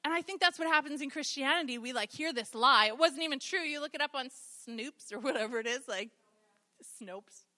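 Woman preacher, high voice, chatty storytelling, joking asides. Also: brisk, sharp tone. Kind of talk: conversational sermon.

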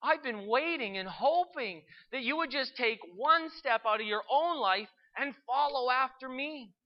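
A storyteller voicing a patient, loving divine spirit in a calm, slow, tender way. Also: high-pitched, lo-fi sound.

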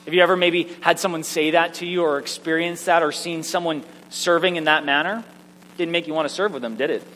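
A man preaching a sermon, telling personal stories in an animated, self-mocking way. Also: on the high side, a little fast. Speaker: pastor. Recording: echoey hall with faint hum.

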